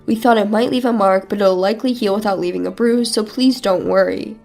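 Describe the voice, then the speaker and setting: A woman voicing a calm hospital doctor who apologetically reassures a worried mother. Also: mid-range voice, fairly quick, vocal fry, soft background music, lightly acted. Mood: reassuring.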